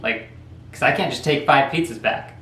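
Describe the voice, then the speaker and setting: A man's voice: mid-range voice, moderate pace, fairly bright tone, roomy sound, slight background noise, close to an everyday voice. A man voicing a casual teenage pizza delivery guy who talks in a laid-back, matter-of-fact way.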